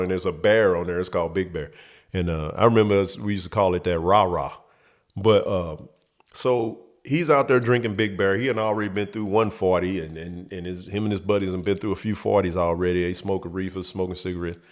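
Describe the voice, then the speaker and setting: A man hosting a show, telling a childhood story in an animated, profane, colloquial way. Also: sits low, fairly quick. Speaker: host. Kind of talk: comedic storytelling.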